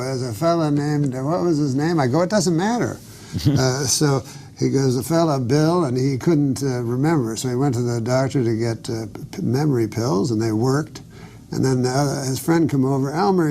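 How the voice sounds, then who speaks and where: A middle-aged man, a comedian on a talk show, telling long rambling jokes in a halting, deadpan way full of hesitations. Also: medium pitch, creaky. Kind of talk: rambling joke storytelling.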